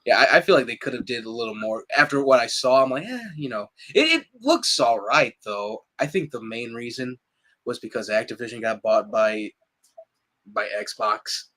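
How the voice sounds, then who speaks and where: Man, podcast co-host, casual chat, lively pitch, laughs a lot. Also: moderate pace, low-quality recording. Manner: laughs often, animated.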